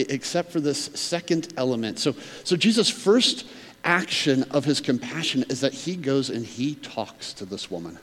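A man preaching a sermon, swinging between emphatic loud stretches and hushed near-whispers. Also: fairly high pitch, animated, moderate pace, in a large hall. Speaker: pastor.

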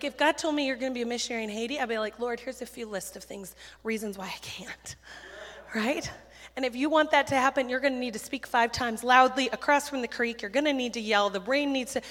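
Animated woman preaching in a reverberant hall. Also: fairly high pitch. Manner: animated, chatty, self-deprecating, quick asides. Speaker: children's ministry speaker. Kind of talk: sermon with storytelling. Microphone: handheld mic.

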